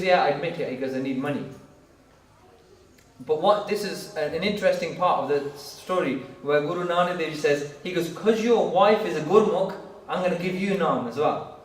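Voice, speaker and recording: A man's voice: fairly high pitch, distant mic, slight background noise. Man telling a sermon story in an echoey hall. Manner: retells a story in long chains of "he goes, she goes". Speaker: speaker at a gurdwara talk. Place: gurdwara hall.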